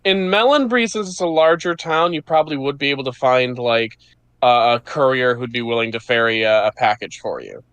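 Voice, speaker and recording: Smooth-voiced male game master. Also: medium pitch, a little fast, a bit bright, dry recording. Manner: easygoing, explains rules plainly. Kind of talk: running a tabletop game session.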